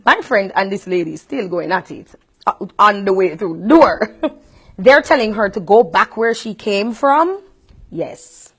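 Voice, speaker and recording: A Jamaican woman tells a personal story in a casual vlog, her voice husky and gravelly with a lot of fry. She swings between loud indignation and hushed asides, pitched in a middle range for a woman. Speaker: radio show host telling a personal story.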